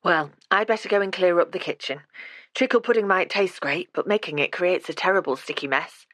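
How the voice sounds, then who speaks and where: A woman's voice: fairly low pitch, brisk, fairly bright tone, no echo, lightly acted. Woman reading a kind, good-humoured young woman. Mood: friendly.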